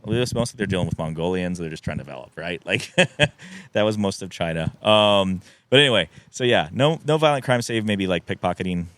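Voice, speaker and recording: A man's voice: low voice, lively intonation, a little fast, a bit bright. A man in his thirties telling a long personal story on a podcast, acting out quotes and laughing often. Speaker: podcast guest. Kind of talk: casual storytelling. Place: podcast studio.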